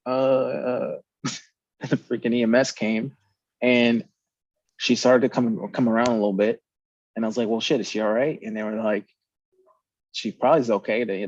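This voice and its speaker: Brief: man, casual storyteller, lively, swears, dry lo-fi recording. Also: lowish voice, no echo. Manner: animated storyteller, swears, acts out quotes. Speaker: podcast host.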